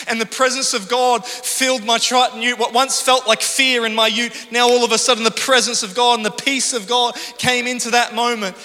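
Bright high-voiced preacher, hall reverb. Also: male voice, steady tone, normal speed, hardly any pauses. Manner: storytelling, building to emphatic preaching. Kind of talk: sermon with personal story. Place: church stage. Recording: long reverb of a church hall.

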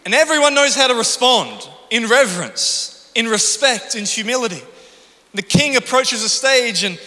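A man's voice: extremely high pitch, big pitch swings, moderate pace, sharp tone. A man preaching a sermon from a church stage, telling a personal story and building to emphatic preaching. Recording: long reverb of a church hall.

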